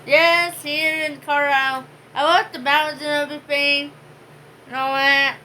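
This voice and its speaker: A woman's voice: high-pitched, flat delivery, normal speed, bright, forceful tone, a little hiss or hum, low-quality recording. A woman co-hosting a home vlog, chatting casually and rambling with many fillers. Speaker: vlog co-host. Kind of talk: casual chat.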